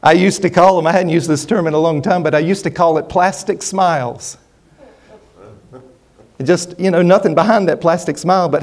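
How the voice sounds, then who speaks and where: A man's voice: on the high side, moderate pace, pauses often. A middle-aged man preaching a sermon, emphatic and repetitive, often restarting his words.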